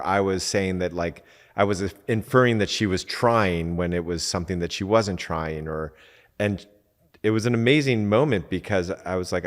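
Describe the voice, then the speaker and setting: A man with a very low voice talks loosely about relationships, the way a coach teaches, using lots of "like" and acting out little quoted conversations. His voice rings with a long reverb tail. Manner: conversational, acts out quoted exchanges, many fillers. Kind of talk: casual teaching talk.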